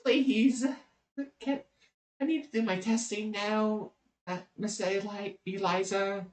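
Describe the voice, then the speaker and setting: A man's voice: high-pitched, fairly even intonation, slow, roomy sound, slight background noise, voice pushed up. A man doing a flustered, pleading young man.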